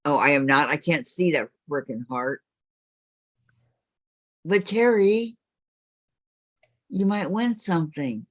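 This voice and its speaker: A woman's voice: low-pitched, slow, pauses often, dry recording. An older woman hosting a quilting live stream on a video call, chatting casually, teasing her guests and reading viewer comments aloud.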